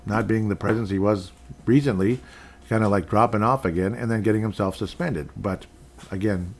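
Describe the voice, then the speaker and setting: A man's voice: deep voice, a little mellow, a little hiss or hum. A man hosting a solo sports podcast, rambling casually with jokey, self-deprecating asides. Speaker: podcast host.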